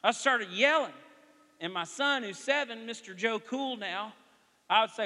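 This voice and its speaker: A male pastor preaching a sermon. He moves from conversational asides to loud, animated exhortation. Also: extremely high pitch, unhurried, big-room sound. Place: church sanctuary.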